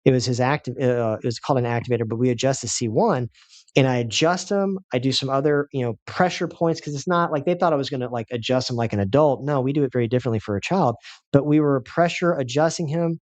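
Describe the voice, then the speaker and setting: Male chiropractor, mid-pitched voice, close and dry, animated storyteller. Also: fast talker, no echo. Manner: animated storyteller who acts out quoted voices. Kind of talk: personal storytelling talk.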